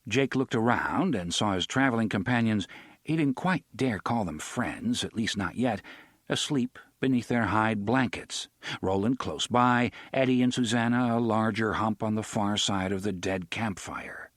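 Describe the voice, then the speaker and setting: Man narrating audiobook, low pitch, husky voice, dry close sound, steady measured. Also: no echo.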